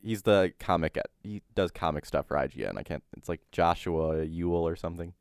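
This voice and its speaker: A man's voice: deep voice, brisk, smooth, dry recording, studio quality. A young man co-hosting a casual podcast, laid-back, often chuckling and swearing casually. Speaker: podcast co-host. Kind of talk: casual chat.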